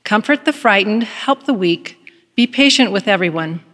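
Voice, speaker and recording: A woman's voice: mid-range voice, expressive, moderate pace, fairly bright tone, in a large hall. A woman voicing a weary, reluctant woman prisoner who reads scripture and prays grudgingly. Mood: reading.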